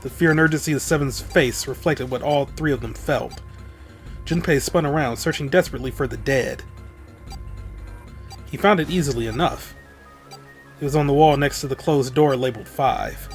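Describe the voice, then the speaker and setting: A man hosting a let's play, reading a visual novel's text aloud in a dramatic voice and dropping in casual comments. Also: medium pitch. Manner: dramatic read-aloud broken by offhand comments.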